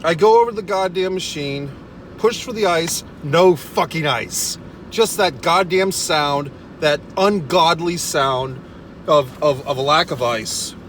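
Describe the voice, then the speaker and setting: Sitting in a parked car, a vlogger delivers an exasperated, swear-heavy comic rant and keeps laughing at himself. His fairly high, slightly bright voice moves at a measured pace, with slight background noise behind it.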